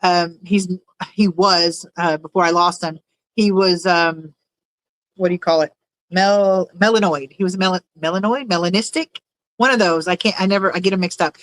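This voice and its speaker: Reading chat messages out loud on her relaxed livestream, a woman rambles and frequently hunts for the right words. She speaks at a moderate pace in a lowish, fairly bright voice, and the dry recording has poor audio.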